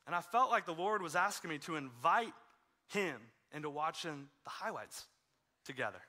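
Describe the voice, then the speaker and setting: A man's voice: fairly high pitch, expressive, moderate pace, bright, forceful tone. A man preaching a conversational sermon as a pastor, telling stories in a casual way with self-deprecating humor. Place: church sanctuary.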